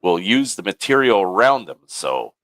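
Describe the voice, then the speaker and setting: A man's voice: on the low side, very animated, normal speed, fairly bright tone, no echo. A man chatting as a guest on a podcast, easygoing and a bit hesitant. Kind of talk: casual chat.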